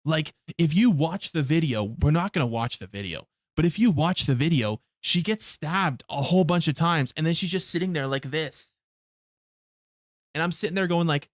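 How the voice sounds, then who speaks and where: A man's voice: on the high side, expressive, normal speed, no echo, studio quality. A man streaming a game live, chatting casually with his viewers in blunt, heavily profane rants. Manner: blunt, profane ranting to chat.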